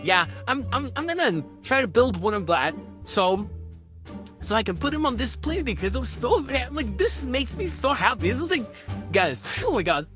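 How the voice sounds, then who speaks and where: A woman's voice: a little high, normal speed, over music. Rambling giggly young woman vlogger. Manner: rambling, giggly, breathless excitement. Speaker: channel co-host. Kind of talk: solo vlog unboxing chat.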